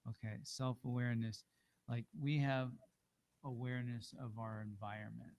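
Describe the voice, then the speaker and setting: Male teacher, mid-pitched, patient and encouraging, talking a small class through how to phrase questions. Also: level tone, normal speed, a little mellow, poor audio.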